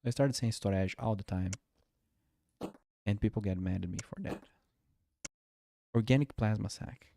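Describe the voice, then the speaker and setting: This Brazilian streamer, a native Portuguese speaker, has a low, gravelly, mellow voice at normal speed, fairly even in intonation and marked by long pauses. A little hiss or hum is audible along with faint game music as he sleepily rambles, chatting and interrupting himself mid-thought.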